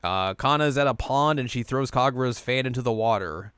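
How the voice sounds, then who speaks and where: A man with a smooth, clear voice at an ordinary pitch talks through an anime episode in relaxed, casual conversation. He now and then slips into quick goofy voices for the characters. The sound is close and dry, with no room around it. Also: no room sound. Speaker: podcast co-host recapping anime. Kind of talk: casual recap chat.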